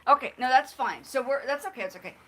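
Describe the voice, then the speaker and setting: A woman hosting a casual livestream, playful and quick to laugh, coaching someone on pronunciation. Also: high voice, expressive, a bit bright. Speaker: livestream host.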